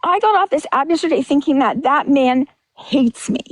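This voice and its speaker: A livestream host with a high-pitched, animated voice talks bluntly and emotionally at a normal speed. Her candid monologue rambles and restarts, she sounds a bit out of breath, and the audio has no echo.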